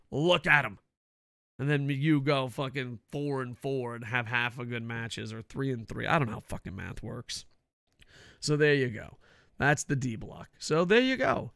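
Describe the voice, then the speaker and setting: A middle-aged man ranting loudly about wrestling, cranky and swearing constantly. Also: mid-range voice, dry recording, studio quality. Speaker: wrestling commentary vlogger. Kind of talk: profane ranting commentary.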